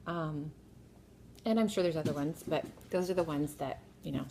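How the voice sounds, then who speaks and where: A woman's voice: low-pitched, moderate pace, mellow, slight background noise. A mother casually telling a family story from her kitchen bar, wry and laughing at herself. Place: sitting at a home kitchen bar.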